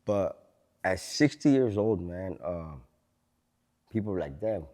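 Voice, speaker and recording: A man hosting a casual podcast, enthusiastic and loose with his slang. His voice is low and mellow, and a long, hall-like reverb trails behind it. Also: expressive, takes it slowly. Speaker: podcast host.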